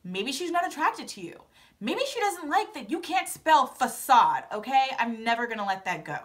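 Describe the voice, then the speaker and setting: A very animated young woman speaks at normal speed in a high-pitched voice. She's a recap vlogger going over a reality TV episode, chatty and dramatic, playfully quoting and acting out her own reactions between dramatic asides.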